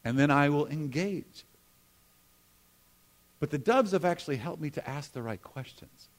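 A middle-aged man preaching a sermon in a conversational way, with humorous asides, moving between emphatic lines and hushed ones. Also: fairly high pitch, animated, a little slow, long pauses. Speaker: pastor.

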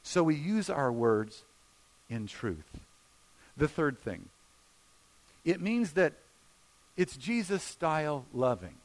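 A male pastor preaching a sermon, shifting between emphatic points and hushed, slow retellings of scenes. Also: a little high. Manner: expressive, drops to a hushed voice for quoted scenes.

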